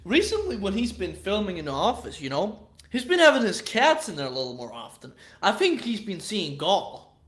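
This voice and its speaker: High-voiced guy rambling and cussing, laughs a lot, bright tense tone. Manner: profane, rambling, frequent laughter. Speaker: channel host. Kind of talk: casual rambling chat.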